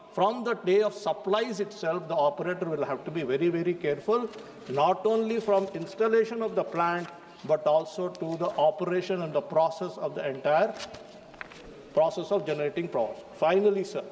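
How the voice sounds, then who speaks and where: A man's voice: high voice, a little mellow, in a large hall, slight background noise. A man with an Indian English accent giving an emphatic parliamentary speech, repeatedly addressing the chair as sir. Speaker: member of parliament. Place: large debating chamber.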